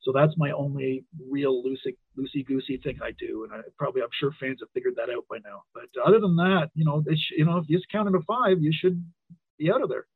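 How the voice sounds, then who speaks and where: A middle-aged wrestling referee telling stories in a casual interview, animated when he quotes others. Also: mid-range voice, fast talker, slightly rough, no echo. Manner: storytelling, animated quoting. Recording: tinny phone-like line.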